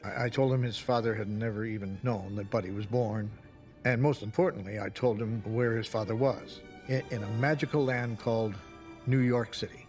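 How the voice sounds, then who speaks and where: A man playing a deadpan elf storyteller. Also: on the low side, normal speed, soft background music, natural voice. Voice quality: deadpan, plain. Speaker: narrator in a film.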